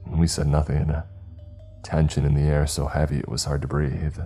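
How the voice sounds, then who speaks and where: A man reads a horror story aloud in a measured, hushed delivery. His voice is extremely deep, dark and husky. Faint music plays underneath. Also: little pitch movement. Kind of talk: scripted horror narration.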